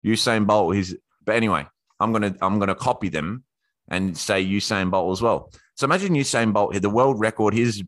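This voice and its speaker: A man giving casual self-improvement tips in a rambling, energetic way, swearing now and then. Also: lowish voice, dry recording. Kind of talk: casual live talk. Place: indoors.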